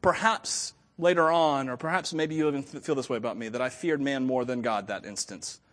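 A man preaching a storytelling sermon, animated, with frequent chuckles and stammered restarts. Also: mid-range voice, fairly quick. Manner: chuckles often while talking.

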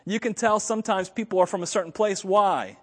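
Pastor type, man from Florida, slight Southern accent, high voice, chatty sermon delivery, echoing hall. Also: fairly quick, fairly bright tone. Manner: conversational, chuckles often, asides to the audience.

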